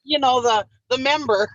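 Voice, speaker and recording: A woman's voice: sits high, no echo, lo-fi sound. A woman in a casual group chat, outspoken and giggly.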